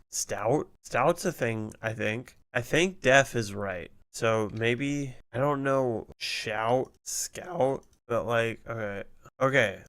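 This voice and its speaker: A young man talks through his gaming stream, laid back and casual, cursing freely as he goes. His speech is slow and drawn out, with a gravelly edge under an otherwise smooth, resonant voice, close on a desk mic. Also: mid-range voice, fairly bright tone. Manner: casual, swears often, laughs things off. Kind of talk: casual gameplay chat. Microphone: desk microphone.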